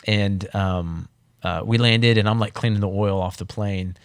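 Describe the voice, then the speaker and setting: A man's voice: fairly low pitch, a little slow, smooth, no room sound, studio quality. A man who is a guest on a podcast, telling a story with energy in casual conversation. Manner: animated, acts out the voices of other people.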